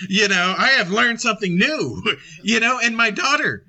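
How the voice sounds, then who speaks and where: A man's voice: sits high, normal speed. A man teaching a Bible study in an earnest, conversational way, reading scripture aloud and restarting words often. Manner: animated when voicing a small child. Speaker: preacher leading a Bible study.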